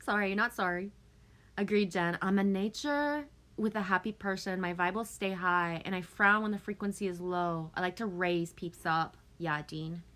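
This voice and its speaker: A woman's voice: mid-range voice, moderate pace, a bit bright. A woman hosting a casual live stream, chatting with viewers, reading their comments aloud and laughing often.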